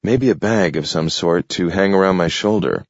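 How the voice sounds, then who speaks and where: A man voicing a firm, quietly determined young man in a storybook reading. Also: deep voice, normal speed, no echo, muffled recording.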